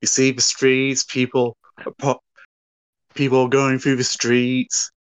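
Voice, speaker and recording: A man co-hosting a casual podcast, talking through a story scene like camera directions, with halting restarts. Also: mid-range voice, completely flat delivery, clean tone, no echo. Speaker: podcast co-host.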